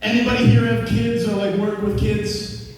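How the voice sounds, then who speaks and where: A man's voice: high voice, flat delivery, moderate pace, background noise. A man from Massachusetts with a Massachusetts accent, a stand-up comedian with a crude style who teases the crowd. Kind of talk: stand-up set. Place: comedy club. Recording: echoey club, far-off mic.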